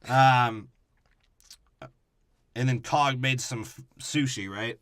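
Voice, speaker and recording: A man's voice: mid-range voice, slow, a bit bright, no echo, clean studio sound. A man co-hosting a podcast, giving a crude, profane movie breakdown and acting out characters in mocking voices. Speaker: podcast co-host.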